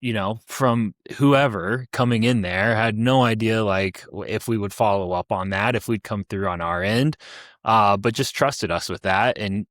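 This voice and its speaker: A man's voice: on the low side, moderate pace, fairly bright tone, no room sound, studio quality. A young American man co-hosting a podcast, telling a personal travel story in a rambling way with many restarts. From United States. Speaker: podcast co-host.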